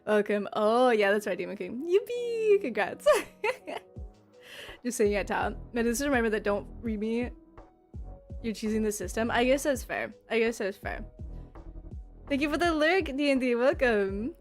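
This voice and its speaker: Young woman streamer, giggly and bubbly, kinda high voice, answering chat. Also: normal speed, pauses often, soft background music. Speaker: livestreamer. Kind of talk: live stream chat with viewers.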